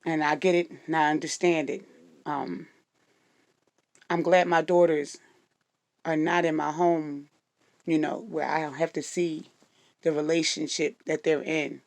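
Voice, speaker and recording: A middle-aged woman with a gravelly morning voice, giving frank relationship advice to her viewers and sometimes tripping over her words. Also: sits low, little pitch movement, measured pace, pauses often, no echo. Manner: stumbles over words now and then; frank and direct. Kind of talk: casual advice talk to viewers.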